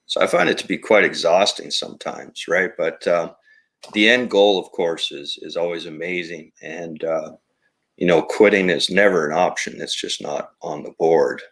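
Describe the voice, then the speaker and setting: Low-pitched male toy maker, reflective and rambling, casual interview guest. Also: normal speed, fairly bright tone. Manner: rambling and reflective, with many fillers. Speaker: toy company co-founder. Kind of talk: casual podcast conversation.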